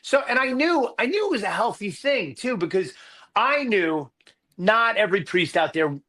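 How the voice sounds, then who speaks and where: A man in his fifties, an Army chaplain and priest appearing as a guest, tells stories conversationally at a normal speed. His tone is bright and forceful with a raised pitch, and he is animated and self-deprecating, restarting his sentences many times.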